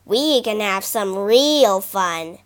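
A woman's voice: medium pitch, lively intonation, takes it slowly, pitched below the performer's own voice. A woman voicing a sly, stylish male town mouse in a storybook, eager and coaxing.

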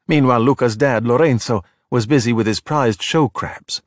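A middle-aged man reading a children's storybook aloud in a steady, plain way. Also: medium pitch, normal speed, few pauses, no echo, clean studio sound. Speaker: narrator.

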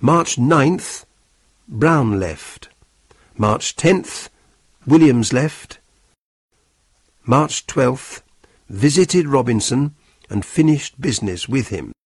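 A man voicing a frightened young man who speaks anxiously and pleadingly, a little higher than his reading voice. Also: animated, very slow, long pauses, slightly rough, no room sound, studio quality, heavily acted.

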